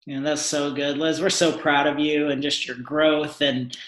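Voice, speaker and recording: A woman's voice: sits low, little pitch movement, measured pace. Woman host, encouraging, lots of ums, roomy echo. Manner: warm, encouraging, filler-heavy. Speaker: call host. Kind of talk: hosting a team call.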